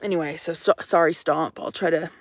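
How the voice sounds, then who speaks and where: A woman's voice: low voice, steady tone, brisk, no room sound, studio quality. A young woman rambling to her livestream viewers in a jokey, profane, casual chat from out in the woods. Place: outdoors in the woods.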